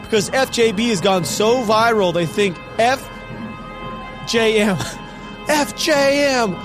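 A man's voice: high voice, slow pace, music in the background. A man hosting a podcast, giving casual, mocking commentary with a sarcastic edge and frequent laughter. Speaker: podcast host.

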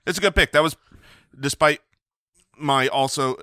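Bright-voiced joking podcast co-host, man. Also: fairly high pitch, moderate pace, no echo, clean studio sound. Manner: animated, joking rants with laughs. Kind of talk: casual chat.

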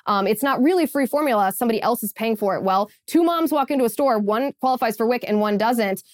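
A woman's voice: a little high, animated, quick pace, dry recording, clean studio sound. A woman hosting an opinion podcast, emphatic and sarcastic, often repeating her phrases. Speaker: podcast host. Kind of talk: opinion commentary.

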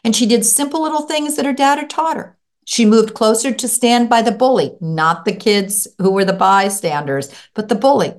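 Animated woman telling a story. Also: normal speed. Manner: acts out quotes with big pitch jumps. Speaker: parenting expert guest.

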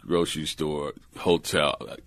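A man's voice: extremely low pitch, measured pace, dry recording. A man from New Orleans, a guest actor in a casual interview, telling stories animatedly and acting out voices. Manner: animated storyteller who acts out voices.

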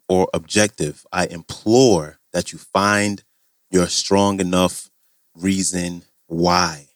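A male podcast host with a very low voice, recorded dry and close on the mic. He reads his introduction in a measured, earnest way and slows down on the key words. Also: fairly bright tone, no echo.

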